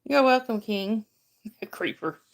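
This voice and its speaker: A livestream host speaks slowly at medium pitch in a Southern American accent; she's from North Georgia. Her casual live-chat stream is full of laughter and greetings to viewers by name.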